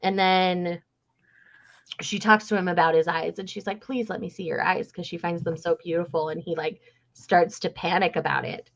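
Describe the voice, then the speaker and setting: A woman with a lowish voice leads a casual book club chat. She gushes over the story and slips into characters' lines as she retells it. The audio sounds muffled and lo-fi. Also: steady tone, normal speed, creaky. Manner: gushing, acts out characters' lines.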